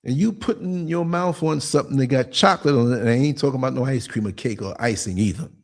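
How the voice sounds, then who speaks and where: Speaking at a quick clip, this sixty-something podcast host has a medium-pitched, slightly mellow voice. He offers casual monologue commentary full of blunt street-smart tales, performing the quoted lines himself.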